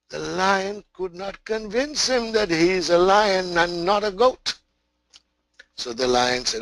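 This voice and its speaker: A man gives a spiritual webinar and tells a parable, speaking emphatically and often repeating or restarting his phrases. His pace is slow, and his voice is bright and forceful. The sound is close and dry. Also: sits high, very animated, creaky, dry recording, low-quality recording. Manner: emphatic, repetitive, many restarts. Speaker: spiritual teacher. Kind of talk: webinar teaching with storytelling.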